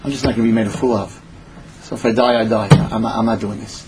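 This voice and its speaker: A man's voice: on the low side, fairly even intonation, fast talker, very noisy, pitched below the performer's own voice, close to an everyday voice. A man voicing a hardworking, weary son who speaks plainly and earnestly. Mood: resigned.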